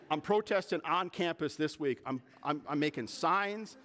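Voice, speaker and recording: A man preaching a sermon as pastor, talking casually and getting worked up in quick, indignant bursts. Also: on the high side. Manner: animated, gets worked up, fast bursts of indignation. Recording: long hall reverb.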